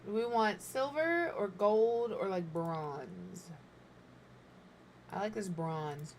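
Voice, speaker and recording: Extremely slow and mid-range in pitch, a woman in her thirties chats while building in a game stream, sometimes talking with food in her mouth. She muses aloud and pokes fun at herself, over a little hiss or hum.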